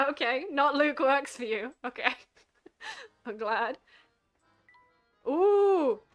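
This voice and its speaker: A woman's voice: sits high, very animated, drawn-out words, pauses often. Giggly woman streamer, casual chat, light music behind. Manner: giggly, playful. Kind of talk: casual game commentary. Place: living room.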